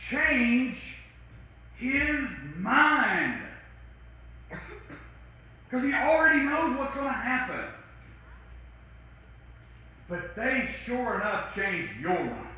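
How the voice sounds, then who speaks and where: A man preaching a sermon as pastor, talking conversationally with big swings from loud to soft. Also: very echoey, a little hiss or hum. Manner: conversational preaching with wide swings in loudness and pitch. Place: church sanctuary.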